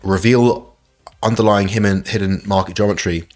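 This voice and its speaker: An excitable man hosting a live stream and walking through trading charts. He keeps repeating "look" and laughs often. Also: fairly low pitch, normal speed. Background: faint backing music.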